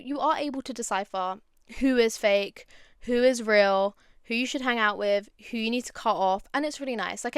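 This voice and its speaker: Chatty young woman, bright and clear. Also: a little high, dry recording, studio quality. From London. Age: young adult. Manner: chatty and animated, going off on tangents. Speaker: podcast host. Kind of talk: casual chat.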